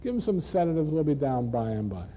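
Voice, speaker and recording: A man voicing a brisk, folksy small-town doctor who speaks in a hearty way. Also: fairly high pitch, sing-song, mellow, slight background noise.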